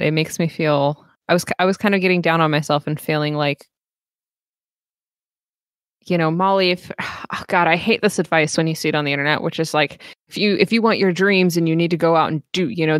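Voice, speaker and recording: A woman with a notably low voice co-hosts a casual podcast. She talks earnestly and reflectively, with plenty of fillers. The recording is dry and close. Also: no echo. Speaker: podcast co-host. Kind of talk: casual chat.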